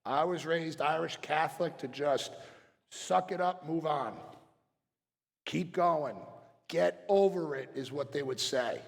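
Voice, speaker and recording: A middle-aged man giving a blunt, passionate motivational talk to chiropractors, moving between quiet reflection and forceful emphasis. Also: a little high, slow, vocal fry. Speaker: chiropractic speaker. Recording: long hall reverb.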